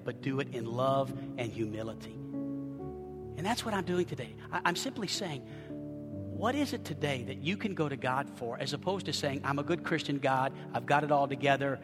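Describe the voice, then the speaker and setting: A man preaching as a pastor, swinging from quiet, confessional talk to loud, shouted passages. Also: medium pitch, big-room sound. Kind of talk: sermon.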